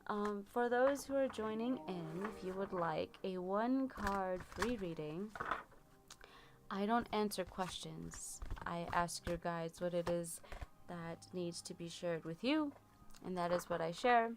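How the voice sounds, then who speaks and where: A woman's voice: fairly low pitch, slow pace, noisy background. A woman giving a tarot reading on a live stream, chatty and rambling, with many fillers. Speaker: tarot reader.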